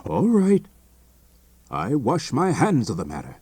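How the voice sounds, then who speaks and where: A stern, husky country doctor. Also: male voice, medium pitch, wildly swooping pitch, unhurried, darkish tone, no echo, exaggerated voice. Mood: warning. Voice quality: blunt, accusing. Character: stern honest middle-aged country doctor. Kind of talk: radio drama acting.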